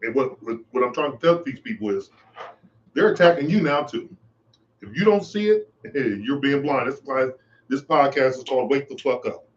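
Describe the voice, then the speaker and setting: A man's voice: mid-range voice, lively intonation, normal speed, lo-fi sound. Impassioned man preaching on a podcast. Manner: impassioned, preachy, repeats phrases. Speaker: podcast host. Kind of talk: monologue commentary.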